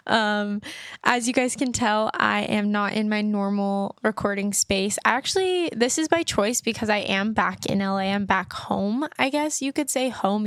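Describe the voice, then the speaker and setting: A woman's voice: mid-range voice, a bit bright, clean tone, no echo, studio quality. A woman hosting her podcast in a rambling, chatty way, full of "like," recording outdoors on her phone. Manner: rambling and chatty, heavy use of "like". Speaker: podcast host. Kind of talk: casual solo chat.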